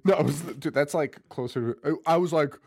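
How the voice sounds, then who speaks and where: A young man hosting a casual horror movie podcast, joking, swearing and laughing a lot. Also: a little high. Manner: animated, laughing, swearing, quick jokes. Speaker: podcast host.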